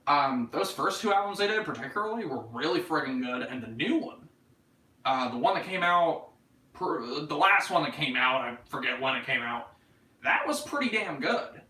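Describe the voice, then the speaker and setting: In his twenties and speaking with a North Carolina Southern accent, a man runs a casual livestream chat, meandering, cracking jokes, and swearing as he reads comments. His fairly high voice is bright, forceful, and expressive at a moderate pace. The roomy sound from a distant mic makes for poor audio.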